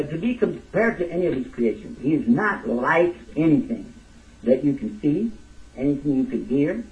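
A man giving a religious lecture in a casual, emphatic way, with sudden high bursts of emphasis. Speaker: Islamic teacher. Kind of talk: lecture sermon. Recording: distant dull lo-fi recording.

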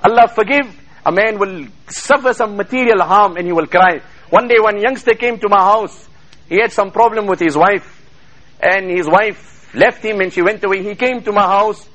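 A man's voice: high voice, moderate pace, a bit bright, muffled recording. A man preaching a sermon in a mosque, fervently chanting Arabic verses between English passages, heard over a radio broadcast.

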